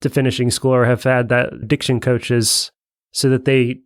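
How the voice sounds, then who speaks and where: A man with a smooth, clean voice joins a casual film podcast conversation. He is agreeable and quick to add a point. The recording is dry and close. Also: mid-range voice, flat delivery, no echo. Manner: agreeable, chiming in. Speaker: podcast co-host.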